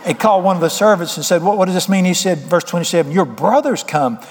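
A man's voice: high voice, expressive, fast, slightly rough, big-room sound. A man preaching a sermon, folksy, plain-spoken and emphatic with homespun sayings. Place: church sanctuary.

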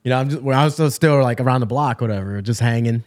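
A man and DJ chatting casually among friends, relaxed and full of fillers as he tells a story. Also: medium pitch, fast talker. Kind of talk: casual chat.

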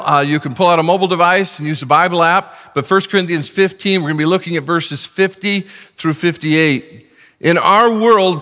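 A man's voice: high voice, bright, forceful tone. A man preaching a sermon to his congregation, earnest and conversational, with casual asides. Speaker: pastor. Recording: long hall reverb.

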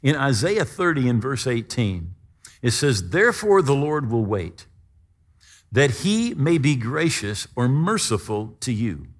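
A man preaching a sermon, emphatic, with dramatic swings between loud stresses and quiet drops. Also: medium pitch, measured pace. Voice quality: lively, expressive intonation.

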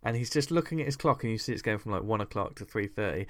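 A man's voice: fairly low pitch, lively intonation, fast. A man co-hosting a podcast, chatting casually about comics, often agreeing and trailing off while searching for words. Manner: agreeable, frequent "yeah", trails off mid-thought. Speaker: podcast co-host.

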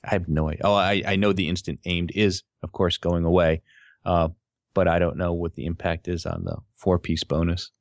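A man hosting a casual gaming podcast, reading out listener questions in a relaxed, hesitant way. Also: sits low, moderate pace, dry recording, studio quality. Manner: relaxed, hesitant, many fillers. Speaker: podcast host.

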